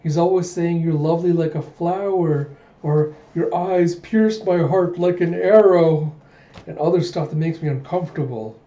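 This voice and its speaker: Man putting on a spirited sulky teen princess, higher voice, mellow tone, dull roomy sound. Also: moderate pace, lightly acted. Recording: dull roomy home recording.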